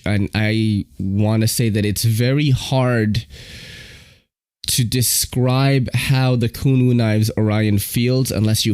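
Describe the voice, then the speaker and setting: A man's voice: lowish voice, darkish tone, dry recording, studio quality. A man hosting his own podcast in casual chat, laid-back and enthusiastic, often dropping "man" and "you know". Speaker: podcast host.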